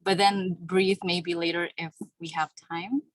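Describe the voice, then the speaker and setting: A woman's voice: fairly low pitch, flat delivery, measured pace, no echo, rough recording. A woman in a singing workshop talks politely and hesitantly, with many fillers. She is getting over a sore throat. Her voice is dry and close. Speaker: workshop participant. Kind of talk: casual talk on a video call.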